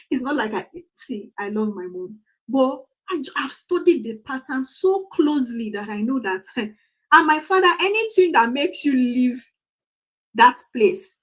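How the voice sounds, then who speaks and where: A middle-aged woman with a Nigerian accent gives a motivational family talk. Her voice sits a little high and has a breathy, husky edge. She tells stories from her own life, loops back over her phrases and drops in laughs. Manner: storytelling with laughs, repeats phrases for emphasis. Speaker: family coach.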